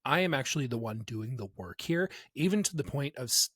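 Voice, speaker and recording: A man co-hosting a TV review podcast in casual chat, talking expressively and jumping into squeaky impressions. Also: animated, brisk, fairly bright tone, breathy edge, dry recording, studio quality. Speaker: podcast co-host.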